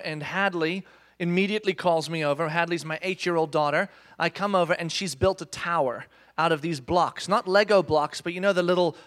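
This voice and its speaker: A man in his thirties giving an animated storytelling sermon, self-mocking and talking straight to the audience. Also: on the high side. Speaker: speaker.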